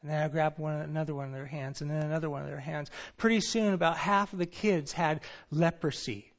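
High-voiced earnest male preacher. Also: fairly even intonation, a little fast, highs cut off. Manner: earnest preaching with storytelling and fillers. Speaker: pastor. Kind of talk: sermon. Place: church sanctuary.

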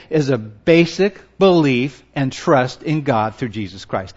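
A man preaching a sermon, slow and emphatic, often stopping to ask his listeners questions and repeating his words. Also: mid-range voice, animated, a little mellow, breathy edge, dull audio.

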